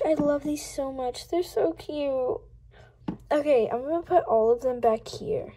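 A young woman chatting casually while unboxing toys, gushing and gasping often, sometimes dropping to a breathy coo. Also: high voice, warm tone, slight background noise.

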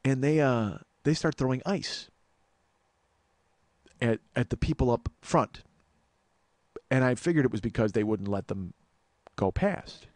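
A man in his forties hosting a comedy podcast, telling a story in an exasperated, profane, animated way. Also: medium pitch, measured pace, pauses often, dry recording. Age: 40s. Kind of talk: storytelling monologue.

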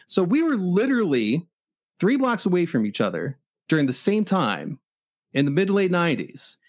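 Guy in his 40s from michigan, comic shop owner telling a story, lively voice, dry close sound. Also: fairly high pitch, fairly quick, no echo. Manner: animated, acts out both sides of the exchange. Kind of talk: casual storytelling.

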